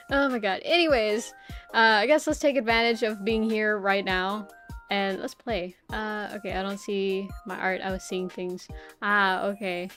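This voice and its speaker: A woman's voice: medium pitch, fairly even intonation, unhurried, faint music behind. A young woman streamer chatting casually and rambling, with lots of "like" and frequent laughs. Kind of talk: casual live-stream chat.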